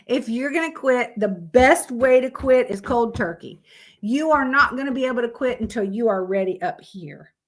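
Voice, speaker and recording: A woman's voice: a little high, expressive, normal speed. A woman, hosting a casual live stream, blunt and profane as she chats with her viewers.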